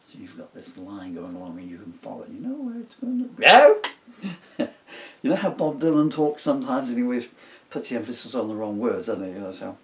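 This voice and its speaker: A man's voice: lowish voice, animated, fast, warm tone, distant mic. A middle-aged man, a songwriter, talking to himself in a casual, rambling and digressive way while working at a table at home. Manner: musing, digressive, talks to himself.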